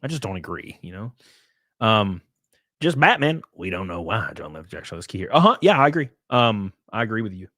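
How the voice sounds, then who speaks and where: A man's voice: fairly low pitch, very animated, normal speed, sharp tone, no room sound. Guy streaming and reading chat, rambles a lot, voice jumps around, dead dry room. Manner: rambling, reads chat aloud, laughs often. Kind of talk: casual live-stream chat.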